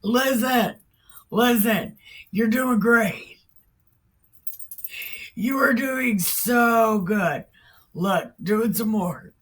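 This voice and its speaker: A woman voicing a male prophet who loudly and sarcastically cheers on his rivals in slangy talk. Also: fairly high pitch, very slow, pauses often, slightly rough, pitched above the performer's own voice, full character voice. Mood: taunting.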